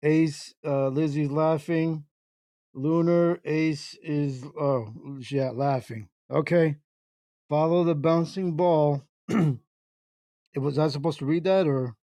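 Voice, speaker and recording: A man's voice: fairly high pitch, takes it slowly, mellow, no echo. A man hosting an internet radio livestream, jokingly reading chat comments aloud and stumbling through words in playful confusion.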